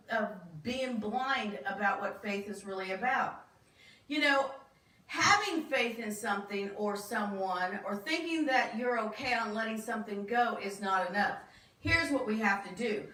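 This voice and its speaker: A woman with a fairly high voice preaches in a relaxed, conversational way, often turning to ask the congregation questions. She is picked up from some distance in an echoey church room. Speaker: minister. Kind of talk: sermon. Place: church sanctuary.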